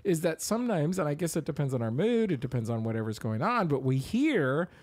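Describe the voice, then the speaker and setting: A man's voice: on the high side, a little fast. A man co-hosting a casual chat podcast, telling stories animatedly and laughing often. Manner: animated storyteller, acts out quotes, laughs often. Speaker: podcast co-host.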